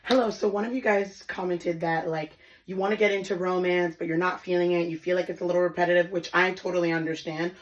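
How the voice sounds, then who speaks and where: A woman in her twenties, a book influencer, giving quick, bubbly book recommendations to camera. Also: on the low side, fairly even intonation, highs cut off. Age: 20s. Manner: bubbly and quick, gushing over books.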